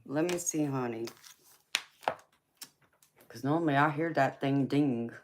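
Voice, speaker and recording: A woman's voice: a bass voice, a little slow. A woman hosting a tarot live stream, chatting casually with viewers, often teasing and calling them honey, baby and sweetheart.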